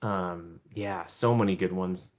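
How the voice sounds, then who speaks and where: A man's voice: sits low, slow pace. Chatty man hosting a home livestream. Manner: chatty, rambling, laughs often, trails off. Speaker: livestream host. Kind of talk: casual livestream chat with viewers.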